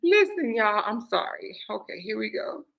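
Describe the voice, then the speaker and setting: High-voiced woman laughing till she cries. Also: measured pace, noisy background. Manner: laughing through tears, dramatic, addresses audience as y'all. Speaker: host. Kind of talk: casual commentary to viewers.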